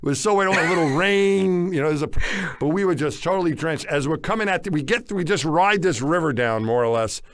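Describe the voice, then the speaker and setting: A middle-aged man co-hosting a podcast, telling a story casually with lively chuckles. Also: a little high, fairly quick, no echo, studio quality. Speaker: podcast co-host.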